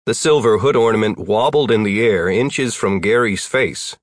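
A man narrates a storybook with a wry, even delivery in a low voice. He is recorded close on a dry studio mic. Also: moderate pace, no echo. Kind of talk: audiobook narration.

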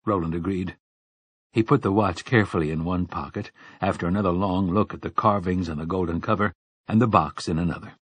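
A man narrating a novel in a steady, measured way. His voice sits low and a little husky. The sound is close and dry. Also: no room sound. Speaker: audiobook narrator. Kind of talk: scripted narration.

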